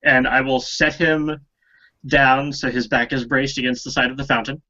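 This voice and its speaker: A man playing a tabletop game who talks slowly and hesitantly, with many fillers. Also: medium pitch, fairly even intonation, bright, forceful tone, highs cut off. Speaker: player.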